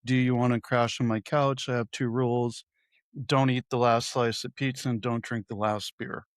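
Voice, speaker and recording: A man's voice: medium pitch, flat delivery, moderate pace, clear, resonant tone, dry recording. A middle-aged man co-hosting a podcast, telling wry, self-deprecating anecdotes in casual chat. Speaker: podcast co-host.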